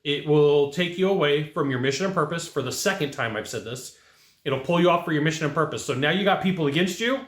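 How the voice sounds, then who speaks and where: A man's voice: fairly high pitch, lively intonation, fast talker, reverberant. Emphatic man giving blunt job advice. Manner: direct and repetitive, emphatic with rhetorical asides. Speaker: channel host giving career advice. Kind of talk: casual advice monologue.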